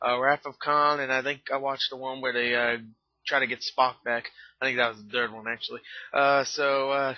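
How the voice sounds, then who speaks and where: A man's voice: medium pitch, flat delivery, normal speed, dry recording. A young man casually ranking his favorite movies, rambling with lots of fillers and the odd swear word. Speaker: movie reviewer. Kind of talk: casual top-movies countdown vlog. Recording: dull lo-fi sound, dry.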